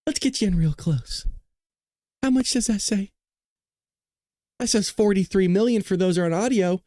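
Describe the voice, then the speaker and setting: A man's voice: sits high, moderate pace, mellow, no room sound, clean studio sound. A middle-aged man hosting a political talk show, talking casually with sarcastic, jokey asides.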